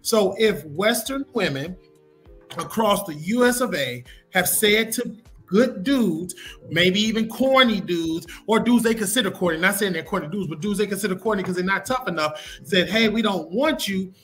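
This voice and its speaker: Guy with a high bright voice laying out his take. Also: normal speed, soft background music. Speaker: podcast co-host. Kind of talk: casual opinionated talk.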